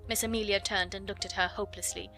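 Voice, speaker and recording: A woman's voice: mid-range voice, steady tone, fast, pushed and bright, soft background music. A woman narrating a classic children's novel as an audiobook reader, telling it expressively. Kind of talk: scripted narration.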